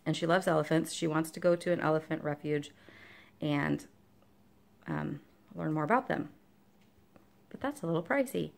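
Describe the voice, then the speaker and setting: A woman's voice: deep voice, moderate pace, vocal fry, long pauses, darkish tone. A woman chatting casually in a show-and-tell vlog about her stitching, rambling along with lots of fillers. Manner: talks to her dog between topics. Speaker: cross-stitch vlogger.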